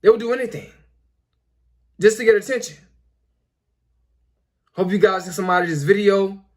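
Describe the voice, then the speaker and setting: Young male host, high voice, preachy and repetitive, filler-heavy casual monologue. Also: normal speed. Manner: repetitive, preachy, lots of "you know" fillers. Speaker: commentary video host.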